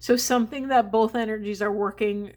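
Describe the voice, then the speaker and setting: A woman giving a spiritual tarot reading to her viewers, speaking in a slow, meditative and emotional way, with sighs between thoughts. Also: on the high side, fairly even intonation, darkish tone. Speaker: tarot card reader.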